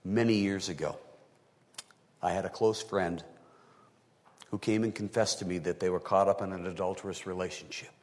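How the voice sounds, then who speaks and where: A male pastor delivering a sermon, talking through scripture and often rising into high, emphatic bursts. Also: steady tone, normal speed, long pauses, darkish tone, big-room sound.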